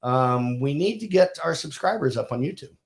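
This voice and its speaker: A man's voice: on the high side, expressive, moderate pace. Easygoing rambling podcast host man. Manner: easygoing, rambling with many fillers and restarts. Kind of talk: casual podcast chat.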